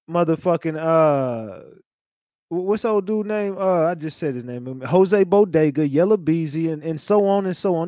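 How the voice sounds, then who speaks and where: A man's voice: a little high, a little mellow, no echo, clean studio sound. A man hosting a commentary show, rambling in casual slang with lots of fillers. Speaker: host.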